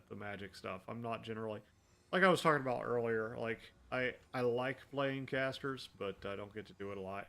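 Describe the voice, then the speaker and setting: A man's voice: fairly low pitch, fairly bright tone. A man streaming a game, chatting casually and self-deprecatingly with his viewers while he plays. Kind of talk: casual gameplay commentary. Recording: faint music in the background.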